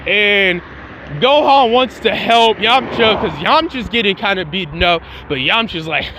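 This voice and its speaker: A man with a notably high voice tells a fan story in a loose, casual way. He talks in slang and stays animated, dropping in mouth-made fight sounds as he goes. Traffic noise hums faintly outside. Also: unhurried. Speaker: fan channel host.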